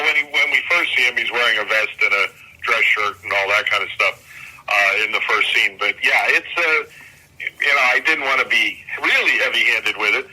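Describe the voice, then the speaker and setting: A man's voice: medium pitch, sharp tone, slightly rough, rough recording. An older man, a comic artist guest, talking casually and enthusiastically in an interview, often restarting his sentences. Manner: rambling, self-correcting, enthusiastic.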